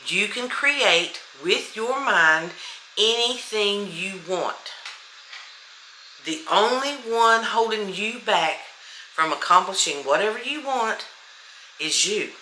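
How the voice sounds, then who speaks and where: A woman's voice: mid-range voice, lively intonation, takes it slowly, pushed and bright, echoey room, a little hiss or hum, rough recording. A woman coaching viewers in casual motivational talk, blunt and to the point, repeating affirmations. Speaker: manifestation coach.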